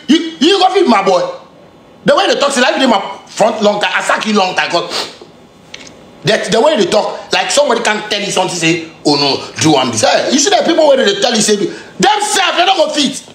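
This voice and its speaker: A man's voice: high-pitched, a bit bright, roomy sound. A man with a Ghanaian Pidgin English accent delivering a heated, confrontational rant full of street slang and repeated phrases. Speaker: musician. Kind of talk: angry direct-to-camera rant.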